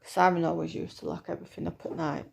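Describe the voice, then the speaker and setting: A woman's voice: on the low side, little pitch movement, fast, gravelly, darkish tone, slight background noise. A woman in her thirties giving a chatty, hesitant personal vlog update with lots of fillers. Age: 30s. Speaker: vlogger.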